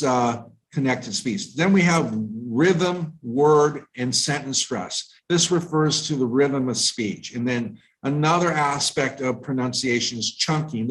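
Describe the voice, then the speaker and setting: In his medium-pitched voice, a US-born IELTS tutor walks through pronunciation during a live online class, measured in his explanations yet full of fillers and restarts. Poor audio quality marks the clip.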